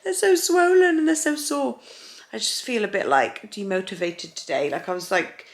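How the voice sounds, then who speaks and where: A woman's voice: medium pitch, normal speed, echoey room. A young woman, heavily pregnant, chatting casually to camera at home and sounding a little out of breath. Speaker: vlogger. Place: living room at home.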